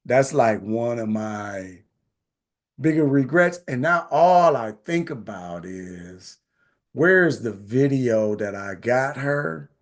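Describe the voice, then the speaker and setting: A man in his forties hosting a live online session, telling personal stories in a casual, animated way and often asking "right?". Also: mid-range voice. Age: 40s. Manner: animated, repeats phrases, says "right?" often. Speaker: host.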